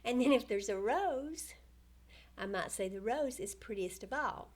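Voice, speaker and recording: A woman's voice: fairly high pitch, expressive, unhurried. An older woman with a rural Southern US accent, giving a casual, patient grammar lesson with little laughs and self-corrections. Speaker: grammar teacher.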